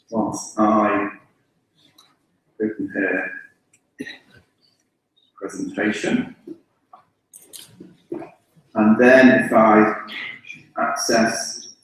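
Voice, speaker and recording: A man's voice: lowish voice, fairly even intonation, very slow, pauses often, a bit bright, distant mic. Joking man chairing a panel, echoey hall. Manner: informal, joking, with restarts. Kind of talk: conference session introduction. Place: large lecture hall.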